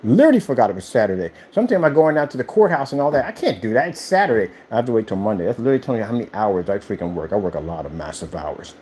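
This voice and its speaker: A man's voice: on the low side, very animated, very fast, hardly any pauses, dark tone, a little hiss or hum. A man who owns a screen paint company, ranting casually on a livestream and firing off rhetorical questions.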